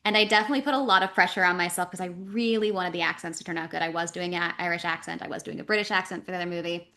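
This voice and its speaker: Woman, from Canada, voice actress, interview guest, animated, filler-heavy casual talk. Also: lowish voice. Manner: animated, talks in quick runs with fillers.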